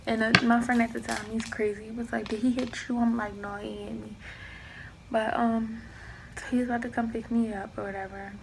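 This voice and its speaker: A young woman recounting a personal story to the camera in a casual vlog, her voice slightly high with a gravelly edge. She acts out both sides of the argument as she goes. A faint hiss of background noise runs underneath. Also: level tone, fast, fairly bright tone, low-quality recording. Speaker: vlogger.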